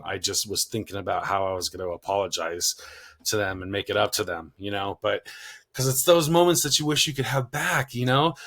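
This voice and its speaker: Male podcast co-host, mid-range voice, loose rambling storyteller. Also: medium pitch. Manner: rambling, many fillers, animated when quoting himself. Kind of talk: casual conversational storytelling.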